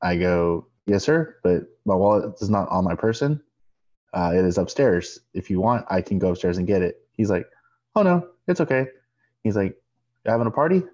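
Low-voiced man telling a lively story. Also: a little fast. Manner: animated storyteller acting out both sides of a dialogue. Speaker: podcast co-host. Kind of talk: casual storytelling chat. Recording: dull lo-fi sound.

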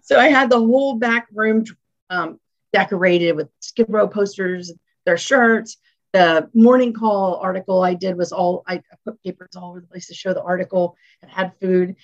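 A woman music executive, a guest on an interview show, telling animated stories and acting out what people said. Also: medium pitch, moderate pace. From northeastern United States. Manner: animated storyteller, acts out quotes. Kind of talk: casual interview chat. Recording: dull lo-fi audio.

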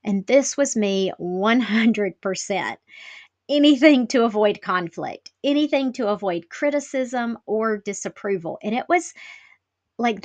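A woman's voice: on the high side, no room sound. A woman hosting her own podcast in a casual, candid solo talk, chatty and self-deprecating, with lots of "like" fillers. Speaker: podcast host.

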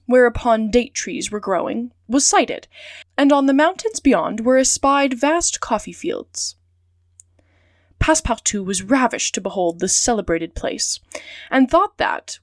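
A woman reads a classic adventure novel aloud for her story podcast, clear and steady from line to line. Her voice sits a little high, and the sound is close and dry. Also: no echo.

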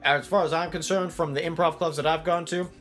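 A man's voice: on the high side, a little fast, soft background music. A man co-hosting a casual podcast chat, joking and telling stories. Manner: animated, joking storyteller. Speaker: podcast co-host.

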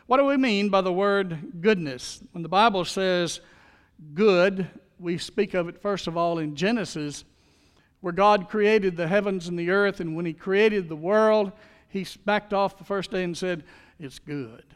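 A man's voice: sits high, a little slow, clean tone, big-room sound. A man preaching a sermon as pastor, in a folksy, storytelling manner.

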